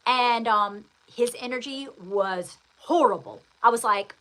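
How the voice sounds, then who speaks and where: A woman with a bright, clear voice chats her way through a personal story, rambling and circling back as she goes. She talks straight to her listener, calling them darling, in an easy, conversational way. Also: a little high, measured pace, hardly any pauses, poor audio. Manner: chatty, rambling, addresses the listener directly with endearments. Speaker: host. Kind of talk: casual storytelling chat.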